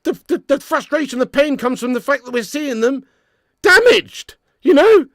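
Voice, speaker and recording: A man hosting a live football watch-along, reading viewers' messages and ranting with lots of swearing, loud one moment and low and glum the next. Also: animated, normal speed, no echo, studio quality. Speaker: YouTube fan channel host.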